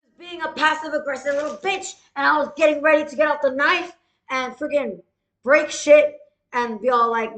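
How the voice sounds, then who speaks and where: A woman's voice: high-pitched, moderate pace, long pauses, a bit bright, reverberant. A woman telling a rambling, profane story in a casual way, with many fillers.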